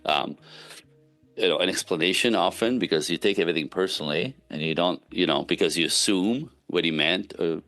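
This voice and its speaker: A man's voice: low-pitched, a little fast, faint music behind. A man, a relationship coach speaking as a podcast guest, giving casual but emphatic advice and often checking in with "right?". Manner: emphatic, animated, frequent "right?" tags.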